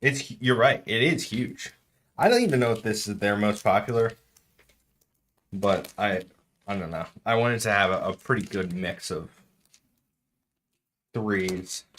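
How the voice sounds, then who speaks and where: Laid-back low-voiced male streamer. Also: unhurried, pauses often, slight background noise. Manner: relaxed, chatty, drops in Spanish words. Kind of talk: casual live-stream food tasting.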